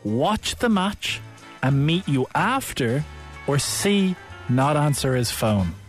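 A man hosts a comic couples quiz. He talks in a fairly high voice that swings up and down, and he gets gleeful and shouty when things go wrong. Light music plays behind him. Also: takes it slowly. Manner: excitable, shouts with glee. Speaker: podcast co-host and quiz master. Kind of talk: playful quiz-show banter.

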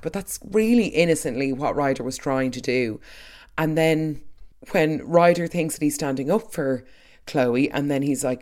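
Chatty podcast host, opinionated and full of quick asides. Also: mid-range voice, darkish tone. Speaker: soap recap podcast host. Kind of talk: casual chat.

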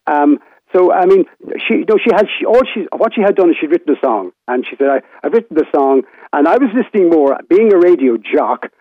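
A man's voice: a little high, lively intonation, fairly quick, no room sound. A man in his sixties with a Limerick Irish accent, a radio broadcaster reminiscing casually as a phone guest, rambling with many restarts. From Ireland. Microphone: telephone. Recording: tinny phone line.

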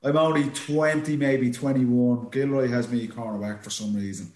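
An Irish man in his thirties with a mid-pitched voice, cohosting a podcast. He tells stories in a lively, anecdotal way, and his voice carries a roomy echo. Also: normal speed. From Ireland. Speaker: podcast co-host, former footballer. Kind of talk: casual chat.

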